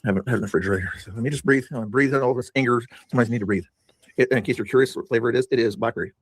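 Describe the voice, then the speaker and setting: A man's voice: mid-range voice, racing, breathy edge, no room sound. An older man streaming, rambling in a chatty, self-mocking way as he talks to his viewers about a past stream. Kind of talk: rambling live-stream commentary.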